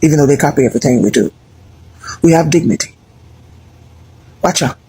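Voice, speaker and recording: Husky-voiced American woman commentator. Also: low voice, fast talker. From United States. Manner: animated, emphatic, mocking asides. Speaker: video commentator. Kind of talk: casual opinion commentary.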